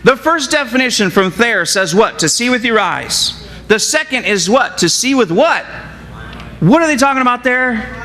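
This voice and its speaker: A man preaching a sermon as pastor. He keeps asking his congregation questions in a lively back-and-forth. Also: very high-pitched, in a large hall. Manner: animated, asks the congregation questions. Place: church sanctuary.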